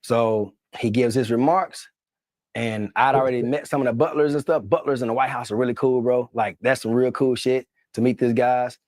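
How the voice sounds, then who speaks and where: A former Marine drill instructor telling a story, excitable and full of slang and swearing. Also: male voice, mid-range voice, normal speed, no room sound, clean studio sound. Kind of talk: animated storytelling.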